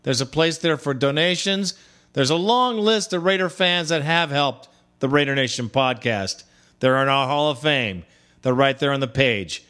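A man's voice: medium pitch, normal speed, sharp tone, clear, resonant tone. A man hosting a call-in podcast, talking in a blunt, chummy way with his callers. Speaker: podcast host. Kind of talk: casual call-in show hosting.

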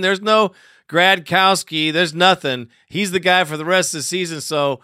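A man hosting a fan call-in show, animated and fired up, swearing freely. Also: high-pitched, clean tone, dry recording, clean studio sound. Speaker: host.

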